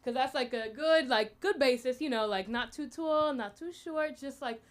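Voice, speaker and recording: A young woman from the United States does rambling stand-up comedy at an open mic, chatty and full of fillers. Her voice is high-pitched and she talks at a normal speed.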